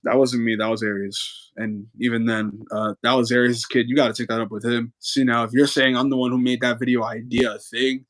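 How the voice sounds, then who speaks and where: Animated young man hosting a livestream. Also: mid-range voice. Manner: animated, joking, quick protests. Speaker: livestream host and voice actor. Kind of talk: casual live chat.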